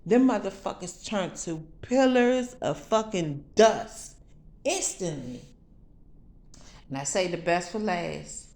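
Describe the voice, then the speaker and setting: A woman's voice: fairly low pitch, lively intonation, slow, a little mellow. Fired-up woman vlogging in an echoey room. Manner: emphatic, profane, fired-up. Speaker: vlogger telling a spiritual vision. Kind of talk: casual storytelling to viewers.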